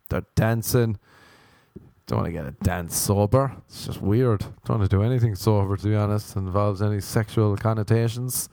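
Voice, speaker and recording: A man doing rambling, jokey stand-up storytelling, sometimes jumping into high mock voices. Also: normal speed, darkish tone, no room sound, clean studio sound. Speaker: stand-up comedian.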